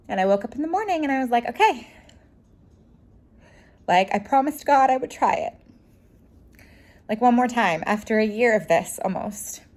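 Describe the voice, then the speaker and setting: A woman's voice: medium pitch, a little mellow. A young woman speaking as a lifestyle vlogger, telling a raw personal story with many "like" fillers and acting out the dialogue she remembers. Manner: acts out quoted dialogue in her own voice.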